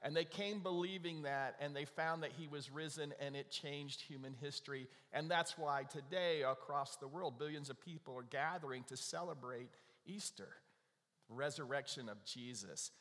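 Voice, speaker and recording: A man's voice: on the high side, moderate pace, fairly bright tone. A middle-aged man preaching an Easter sermon, telling stories and often asking the congregation "right?". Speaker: pastor. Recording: long hall reverb.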